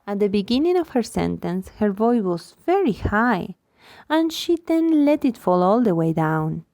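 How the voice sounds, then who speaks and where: A woman lecturer reading a book chapter aloud in an expressive, lively way, acting out the examples. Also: medium pitch, measured pace, dry recording. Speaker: linguistics lecturer.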